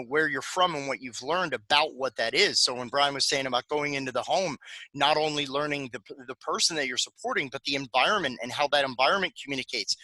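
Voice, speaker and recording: A man's voice: a little high, pushed and bright, no echo, low-quality recording. A man presenting a panel talk on games, speaking conversationally with many fillers and restarts.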